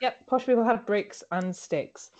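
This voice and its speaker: A woman's voice: a little high, a little slow. A woman co-hosting a casual comedic chat, recapping a TV episode and acting out its characters. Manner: animated storytelling, acting out characters. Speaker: podcast co-host recapping a TV episode.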